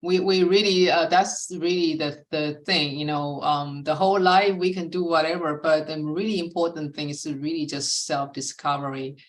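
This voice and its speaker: A woman hosts a casual talk show in a very low voice. She speaks softly in halting phrases and breaks in often with short affirmations. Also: fairly even intonation. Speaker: podcast host. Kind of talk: casual chat.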